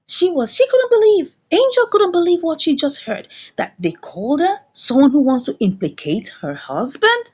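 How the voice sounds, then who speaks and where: A woman's voice: sits high, very animated, moderate pace, few pauses, darkish tone. A woman reviewing a drama series, retelling the episode in a dramatic storytelling way and asking the listener rhetorical questions. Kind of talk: animated recap of a drama episode.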